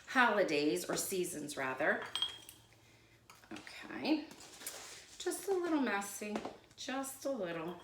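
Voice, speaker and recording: A woman's voice: on the low side, very animated, a little slow, pauses often. Chatty woman host in an echoey kitchen. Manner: chatty, wandering off into side stories. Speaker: cooking channel host. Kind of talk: casual cooking demonstration. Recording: echoey room with faint noise.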